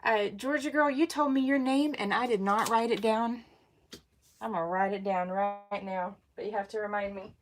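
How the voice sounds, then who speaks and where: A woman's voice: medium pitch, moderate pace, noisy background. A woman, hosting a casual craft livestream, bubbly, laughing often and greeting viewers by name. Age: 40s.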